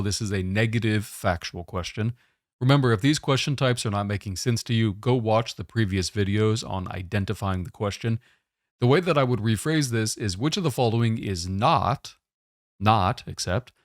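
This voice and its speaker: A man giving a test-prep lesson, explaining question types in a steady, methodical way. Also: lowish voice, no echo, studio quality.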